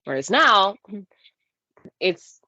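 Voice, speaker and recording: A woman's voice: medium pitch, very animated, very slow, bright, forceful tone, no room sound, muffled recording. A young woman co-hosting a podcast, chatting casually with lots of fillers and playful voice imitations. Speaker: podcast co-host. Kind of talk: casual chat. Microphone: podcast mic.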